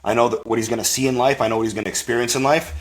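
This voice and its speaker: Animated man telling a faith story. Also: mid-range voice, rapid-fire. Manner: rambling, full of "like" and "you know"; animated, acts out quoted voices. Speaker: podcast guest. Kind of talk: personal testimony storytelling.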